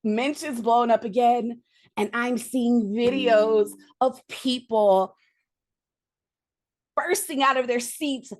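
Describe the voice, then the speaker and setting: A woman with a high voice tells her story as a guest in a casual interview. She is animated and salty with her language, and she jumps into voices to act out her own reactions. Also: slow. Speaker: guest comic book writer.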